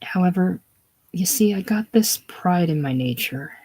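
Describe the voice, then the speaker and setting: In a casual play reading, a reader voices a brash, combative middle-aged woman who is loud and scornful, mocking and jeering at everyone around her. The pitch sits in a middling range. The delivery is animated and unhurried, with a slightly rough quality.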